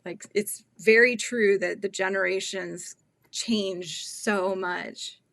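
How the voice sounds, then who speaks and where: A woman's voice: medium pitch, fairly even intonation, slow pace, creaky, a bit bright, no room sound. A woman in her thirties hosting a casual crochet livestream, chatting and often laughing as she acts out quotes. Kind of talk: casual chat while crocheting, reading viewer comments.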